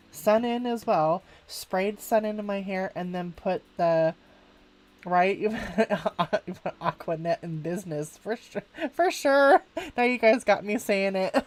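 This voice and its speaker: A woman's voice: on the low side, darkish tone. A woman, chatting casually on a live stream while she draws. She rambles, laughs often and keeps saying "like". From California, USA. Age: 40s. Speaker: artist streaming a live coloring session.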